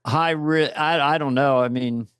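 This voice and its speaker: A man's voice: on the high side, unhurried, a bit bright, smooth, no room sound, studio quality. A man co-hosting a podcast, joking and asking encouraging questions in casual chat. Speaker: podcast co-host.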